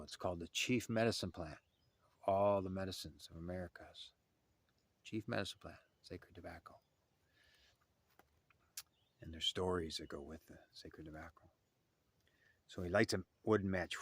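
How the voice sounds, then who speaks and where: A man's voice: low voice, no echo. A man telling a personal spiritual story casually, rambling and repeating phrases, at times murmuring a prayer.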